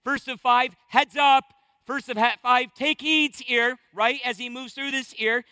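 A man's voice: very high voice, steady tone, a little slow, pushed and bright, smooth, no room sound. A man preaching a sermon as pastor, emphatic and conversational, repeating phrases for stress.

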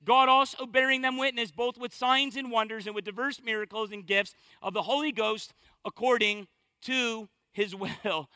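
A man's voice: very high-pitched, fairly even intonation, normal speed, sharp tone, no echo. A man preaching a sermon as pastor, emphatic and conversational, repeating phrases for stress.

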